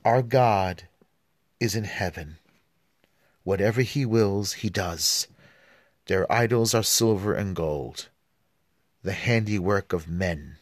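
A man hosting a podcast who reads the Mass prayers and scripture aloud, with relaxed, filler-filled asides between the readings. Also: on the low side, slow, long pauses, dry recording, clean studio sound.

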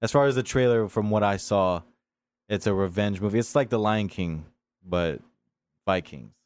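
Deeper-voiced guy hosting a podcast, rambly and laughing. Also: moderate pace, a little mellow, dry recording. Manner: rambling, laughing film talk. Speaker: podcast host. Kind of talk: casual chat.

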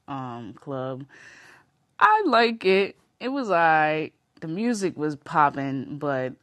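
A woman's voice: deep voice, no echo. A woman vlogger telling a rambling storytime, casual and profane, full of fillers.

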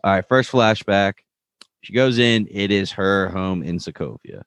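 A man with a very low voice recaps a TV episode in casual chat, acting out the characters' quoted lines. His voice is recorded close and dry, with no room sound. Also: measured pace, a bit bright, dry recording. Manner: chatty retelling, acts out quoted lines. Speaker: podcast co-host.

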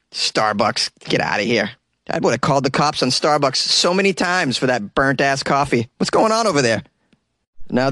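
A man's voice: mid-range voice, no echo. A man hosting a call-in talk radio show, reading news stories and adding wry, sarcastic asides in a chatty manner.

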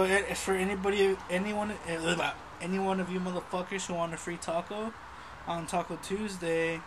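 A young man co-hosting a podcast in casual chat, loud and profane, laughing often. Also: high-pitched, noisy background. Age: young adult. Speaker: podcast co-host.

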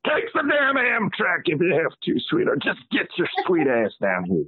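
Comic bit: a rowdy crude cowboy, high hollering drawl, swooping wildly, on a dry phone line. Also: male voice, huge pitch swings, moderate pace, husky, dry recording, exaggerated voice. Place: hotel room.

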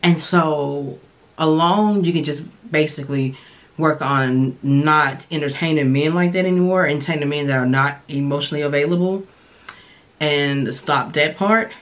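A woman hosting a podcast, giving casual, candid dating advice and sharing her own experience in a relaxed, colloquial way. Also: sits low, normal speed. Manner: relaxed colloquial delivery with frequent fillers. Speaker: podcast host and dating coach.

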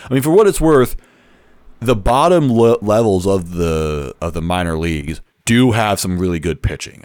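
A man's voice: fairly low pitch, darkish tone, smooth, no room sound, studio quality. A man giving a casual solo talk as a baseball fan commentator, rambling, correcting himself and joking wryly. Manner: rambling, self-correcting, wry. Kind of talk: casual solo sports podcast.

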